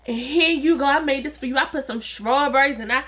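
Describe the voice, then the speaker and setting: A woman's voice: sits high, a little fast, a bit bright, pitched above the performer's own voice. A woman voicing a flirty, fawning male restaurant waiter in a retold story. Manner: smooth, fawning, calls her sweetheart.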